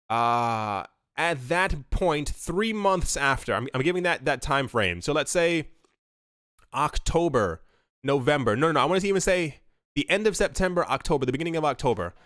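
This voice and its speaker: A man giving casual, opinionated commentary in a voice pitched a bit high for a man. He talks loosely, full of fillers and restarts. The sound is dry and close. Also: a bit bright, no room sound. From United States. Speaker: crypto video host.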